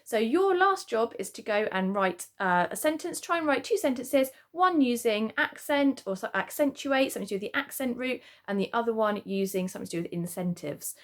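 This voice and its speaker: Gravelly-voiced woman teaching a spelling lesson. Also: on the high side, lively intonation, brisk, hardly any pauses. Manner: chatty explanations, frequent "okay?" check-ins. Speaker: primary school teacher.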